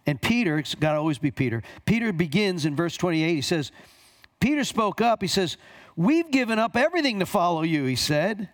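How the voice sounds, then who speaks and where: A man preaching a sermon, reading scripture aloud and commenting on it with emphatic repetition. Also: on the high side. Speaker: pastor.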